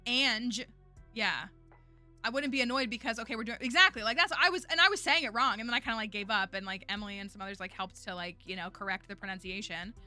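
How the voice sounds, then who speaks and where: A woman's voice: medium pitch, fast, bright, forceful tone, faint music behind. A woman streaming a game, chatting casually and rambling with lots of fillers, ranting at times. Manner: exasperated ranting. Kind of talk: casual gameplay stream chat.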